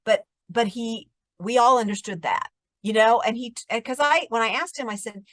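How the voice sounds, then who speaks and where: A middle-aged woman therapist explaining trauma responses in a conversational interview, telling stories and sometimes dropping to a calm soft voice. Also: on the high side, moderate pace, dry recording, studio quality. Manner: explanatory, animated storytelling, drops to a calm soft voice when demonstrating.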